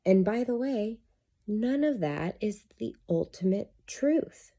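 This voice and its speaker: A woman's voice: medium pitch, expressive, slow pace, dark tone. A middle-aged woman, a life coach, talking to camera in a candid, chatty monologue and swearing freely.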